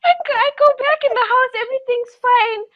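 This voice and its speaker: A woman on a podcast telling a rambling story in casual chat, animated and giggly with lots of fillers. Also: extremely high pitch, brisk, no echo, highs cut off. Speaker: podcast co-host.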